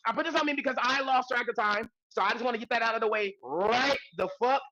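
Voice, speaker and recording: A man co-hosting a podcast in casual chat, talking loud and hyped, with slangy, profane banter and shouted intros. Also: very high voice, fast, dry recording, muffled recording. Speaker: podcast co-host.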